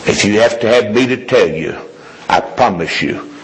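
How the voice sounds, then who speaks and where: A man preaching a sermon with an emphatic, repetitive cadence, moving from low confiding tones to high ringing declarations. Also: expressive, moderate pace, slight background noise, low-quality recording.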